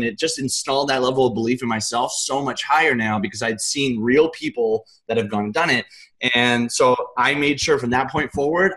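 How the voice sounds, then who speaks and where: A man as an interview guest, telling a casual, animated story in loose, colloquial speech with some swearing. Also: mid-range voice. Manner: animated, acts out his own quoted thoughts.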